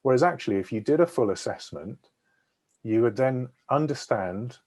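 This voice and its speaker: This man's mid-range, darkish voice has lively intonation and a normal speed. He's a sales consultant presenting a webinar on a video call, explaining at length and pausing to check on his listeners.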